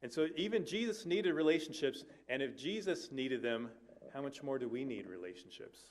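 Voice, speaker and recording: A man's voice: medium pitch, lively intonation, normal speed. A man, a family life minister, preaching an earnest sermon to a church, with conversational asides and occasional self-corrections.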